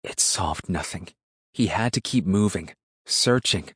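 A man narrating an audiobook in a steady, measured way. His voice is very low and deep. The recording is dry, with no room sound. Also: breathy edge, no echo. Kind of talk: scripted narration.

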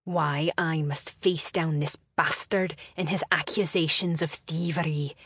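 A woman's voice: sits low, fairly even intonation, a little slow, breathy edge, no echo, studio quality, full character voice. A woman voicing a weary, reproving older brother in a storybook reading. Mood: hushed. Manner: hushed, reproving. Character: weary, cautious older brother, a laird's heir.

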